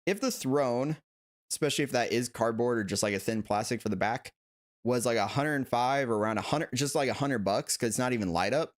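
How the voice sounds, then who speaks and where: A talkative young man hosts a casual livestream and reacts to viewer comments as he goes. His voice sits at an ordinary middle pitch. He laughs easily and leans on filler words. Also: a little fast. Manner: chatty, laughs often, lots of "like" fillers. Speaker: host of a collectibles livestream.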